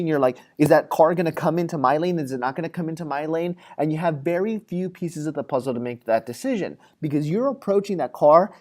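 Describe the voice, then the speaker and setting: In a classroom setting, a psychology lecturer whose voice runs on the high side with a darkish tone speaks casually with lots of fillers, acting out ordinary scenarios in quoted voices.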